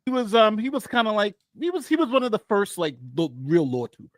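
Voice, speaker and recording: Boastful man with a lively high voice. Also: fast talker, no echo. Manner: boastful, rambling, repeats himself. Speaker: co-host. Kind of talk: casual live-stream commentary.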